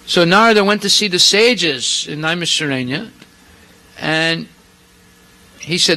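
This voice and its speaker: A male preacher telling scripture stories in an animated sermon, acting out the characters with asides to the audience. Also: on the high side, a little slow, long pauses, poor audio. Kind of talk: storytelling sermon.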